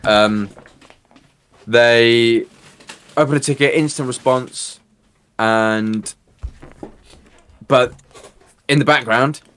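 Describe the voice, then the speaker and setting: A British man chatting easily on a podcast, drifting through long anecdotes and slipping into quoted voices with a laugh. His voice is at an ordinary middle pitch. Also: takes it slowly, pauses often, fairly bright tone, smooth. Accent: British English. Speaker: podcast co-host. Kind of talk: casual chat.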